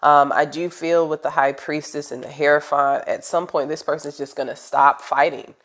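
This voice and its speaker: A woman with a low voice reads tarot cards aloud in a loose, chatty way. She sounds congested from a cold, and her talk drifts and rambles with "um"s and "you know"s. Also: steady tone, normal speed. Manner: chatty, rambling, direct address with fillers. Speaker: tarot reader. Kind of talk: casual tarot reading.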